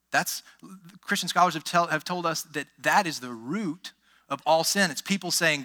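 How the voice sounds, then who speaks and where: A man's voice: fairly high pitch, normal speed, bright, forceful tone. A man, a pastor, preaching a sermon in an emphatic way, with rhetorical questions and exclamations.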